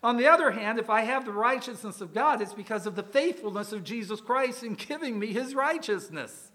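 A man preaching to his congregation in a relaxed, conversational way, often asking the listeners questions. His voice sits high for a man and has a bright, clear edge. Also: a little fast. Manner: conversational, asks the congregation questions, uses some fillers. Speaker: pastor. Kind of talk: sermon.

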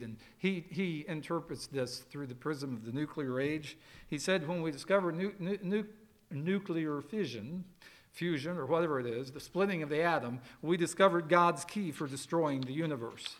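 A man preaching in a church with a high, bright voice. He talks in a folksy, conversational way and slows down for emphasis. He asks the back rows questions. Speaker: pastor. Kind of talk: expository sermon.

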